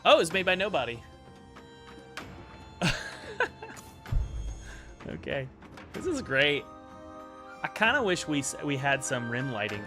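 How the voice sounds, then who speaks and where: A man's voice: a little high, big pitch swings, normal speed, bright, forceful tone, soft background music. A man in casual livestream commentary, reviewing indie games in an upbeat, rambling way with many restarts.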